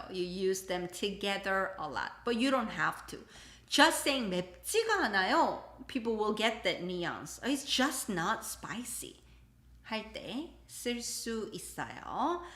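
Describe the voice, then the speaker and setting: A woman teaching a live-streamed language lesson, slow when explaining and quick with her examples, laughing often. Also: medium pitch, a bit bright, roomy sound. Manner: switches between slow English explanations and quick Korean examples. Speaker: Korean teacher.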